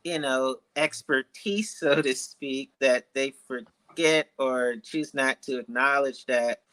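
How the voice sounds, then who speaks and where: A man of about thirty from Washington, D.C., telling his life story as an author guest in an interview, in a deliberate, measured and articulate way. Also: medium pitch, fairly bright tone, low-quality recording.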